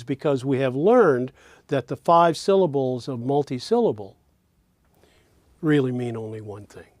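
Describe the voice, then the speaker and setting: A man teaching a recorded lesson, speaking slowly and repeating words aloud to show their melody, with fillers and restarts. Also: on the high side, a little mellow, no echo.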